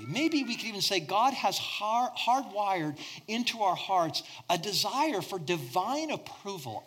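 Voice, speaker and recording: A middle-aged man preaching a sermon, swinging between loud emphasis and hushed near-whispers. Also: sits high. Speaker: pastor.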